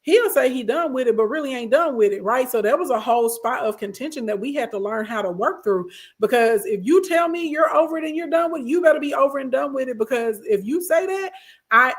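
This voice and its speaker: This woman's voice sits high as she leads a casual advice livestream. Reading out her viewers' comments, she answers with emphasis, repeats what she's said, and keeps checking in.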